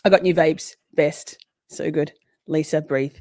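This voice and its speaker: Woman, 40s, livestream host: loose, chatty, swears freely, lower-pitched voice, dry close sound. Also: fairly even intonation, a little slow, mellow, dry recording. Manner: chatty, swears, greets viewers by name. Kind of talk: casual livestream chat.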